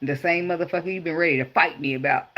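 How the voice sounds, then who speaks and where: A woman, talking bluntly and profanely about parenting while giving a casual tarot reading. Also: low-pitched. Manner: blunt, profane, laughing, animated storytelling. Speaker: tarot reader. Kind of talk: casual spiritual advice vlog.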